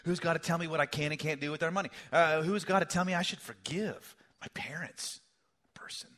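A middle-aged man preaching a sermon, swinging from loud emphasis down to hushed, near-whispered lines. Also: a little high, steady tone, quick pace. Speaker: pastor.

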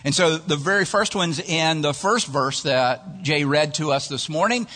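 A male pastor preaching a sermon in a church, telling stories in an animated way and chuckling at his own jokes. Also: fairly high pitch, unhurried, few pauses. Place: church sanctuary. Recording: long church-hall reverb.

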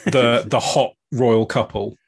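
A man in casual podcast chat, halting and repeating words as he pitches ideas. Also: steady tone, gravelly, slightly rough. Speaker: podcast co-host.

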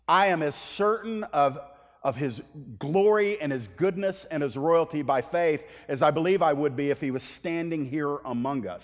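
Male preacher, slightly raised pitch, emphatic sermon delivery in a reverberant hall. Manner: rises to loud, emphatic proclamation when reading scripture. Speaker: pastor. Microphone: handheld or stage mic.

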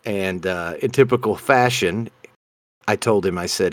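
A man's voice: on the low side, a little slow, dry recording. A man, co-hosting a casual comedy chat and telling stories in a playful, self-mocking way. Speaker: podcast co-host.

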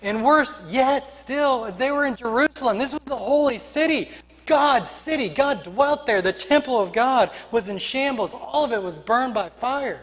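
A man's voice: extremely high pitch, expressive, moderate pace, a bit bright, long reverb tail. A man preaching a sermon as pastor, emphatic and rhythmic, building his points through repeated refrains.

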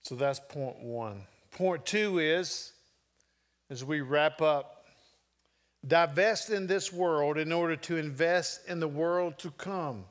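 Middle-aged male pastor, fairly high voice, heartfelt storytelling sermon delivery. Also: takes it slowly. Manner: emotional storytelling, earnest preaching with shifting volume.

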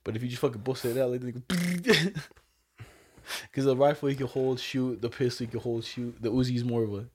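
A young man casually telling stories with a lot of swearing, his voice jumping high whenever he quotes someone. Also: normal speed, slight background noise. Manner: animated, swearing, jumps way up in pitch when quoting people. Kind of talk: casual storytelling chat.

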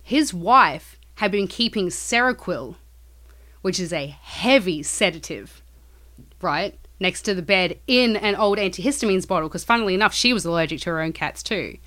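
A woman's voice: lowish voice, expressive, normal speed, sharp tone. A woman co-hosting a podcast, casually retelling a strange story with lots of swearing and acted-out quotes. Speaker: podcast co-host.

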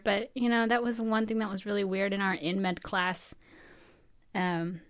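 A young woman from New Mexico talks through her time in medical school in a loose, rambling way. Her voice is smooth and clear, sitting in a middle pitch, and she laughs often and slips into the voices of people she quotes. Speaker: medical student interviewee. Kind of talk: casual personal storytelling.

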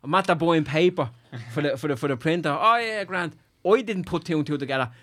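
Fast-talking Irish man telling crude stories. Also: on the high side. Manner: crude, joking anecdotal storyteller. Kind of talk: casual chat.

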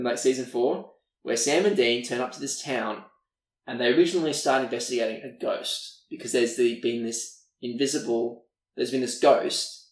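Animated man retelling a show, roomy sound. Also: medium pitch. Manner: animated storyteller, laughing often, acts out characters' lines. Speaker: podcast co-host. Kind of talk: casual chat, retelling a TV episode. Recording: roomy, distant mic.

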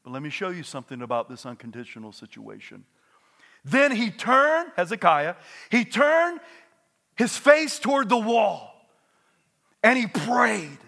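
A man preaching a sermon with lively delivery, dropping to quiet asides and rising to loud exclamations. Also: sits high, unhurried, vocal fry, pauses often. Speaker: pastor.

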